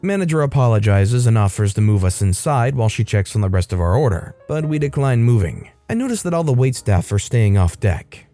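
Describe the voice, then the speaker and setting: Warm-toned man narrating a story. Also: medium pitch, sing-song, a little fast, few pauses, faint music behind.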